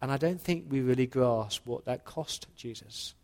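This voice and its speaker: A man preaching a sermon in a church, earnest, slowing into quiet dramatic pauses. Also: medium pitch. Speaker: pastor.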